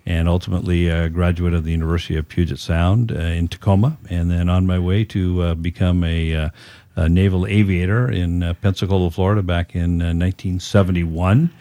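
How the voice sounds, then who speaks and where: An older man from Washington State, a guest on a radio show, answering questions in a measured way with frequent hesitations. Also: low voice, flat delivery, warm tone, dry recording. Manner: measured, hesitant with many uhs. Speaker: radio guest, museum president. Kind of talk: interview answers.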